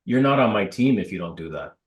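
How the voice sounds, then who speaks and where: A man in his thirties from Canada, a real estate broker telling blunt, lively stories in an interview and mimicking the people in them. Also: lowish voice, fast talker, lo-fi sound. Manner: blunt, animated, mimics voices in anecdotes. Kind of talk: interview storytelling. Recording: roomy echo.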